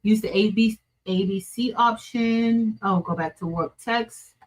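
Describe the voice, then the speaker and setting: Slow-talking woman chatting while crafting. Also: on the high side, rough recording. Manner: chatty, muttering to herself while working, laughs often. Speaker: crafting livestream host. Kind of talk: casual think-aloud crafting stream.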